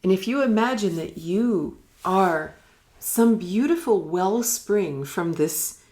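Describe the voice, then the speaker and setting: A woman giving a reflective spiritual teaching in a live online session, musing and unhurried, sometimes dropping almost to a whisper. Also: medium pitch, expressive, a little mellow. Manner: unhurried, musing, drops to near-whispers at times. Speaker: meditation teacher. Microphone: live online broadcast.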